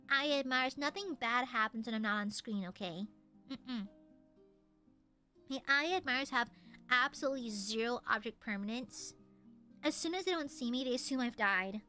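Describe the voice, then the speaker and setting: A woman's voice: high-pitched, animated, measured pace, long pauses, sharp tone, faint music behind. A woman streamer chatting casually with viewers, giggly and playful with lots of fillers.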